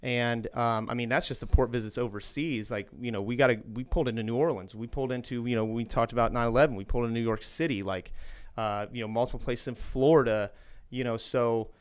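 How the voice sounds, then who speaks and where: Podcast co-host, male, from Indiana; chatty and rambling, with a clean, smooth voice. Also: mid-range voice, steady tone, quick pace. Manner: talkative, rambling with fillers. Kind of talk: casual podcast chat.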